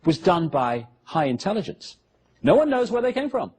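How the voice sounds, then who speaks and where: A man's voice: high voice, very animated, moderate pace, darkish tone, husky. A man giving a public lecture with slides, talking the audience through pictures with sarcastic, mocking asides.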